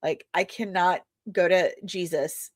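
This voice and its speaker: A woman's voice: fairly low pitch, fairly even intonation, a little slow, no echo, clean studio sound. A woman hosting a podcast in casual chat, rambling and self-deprecating with many fillers. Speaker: podcast host and comic creator.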